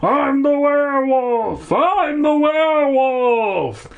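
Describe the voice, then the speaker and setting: A reader voicing a wild-eyed swamp hermit who shrieks with glee in a high, drawn-out chant, in a storybook reading. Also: animated, gravelly, muffled recording, full character voice. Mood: gleeful.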